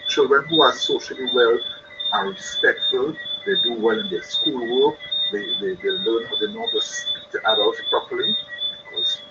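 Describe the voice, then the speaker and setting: A man's voice: mid-range voice, wildly swooping pitch, normal speed. A man speaks to parents in a live stream, earnest and insistent. He hammers his points home by repeating them. The stream sounds muffled and lo-fi, with heavy noise underneath. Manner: earnest, repetitive emphasis. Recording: dull lo-fi stream with loud noise.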